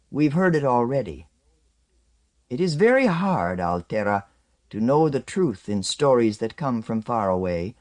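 A man voicing an old tribal chief, shrewd and gruff, with a cracked bass voice. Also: a little mellow. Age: older.

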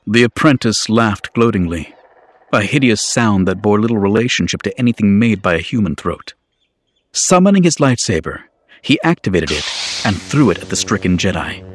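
A man giving a dramatic, measured audiobook narration. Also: on the low side, very animated, slight background noise. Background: music score.

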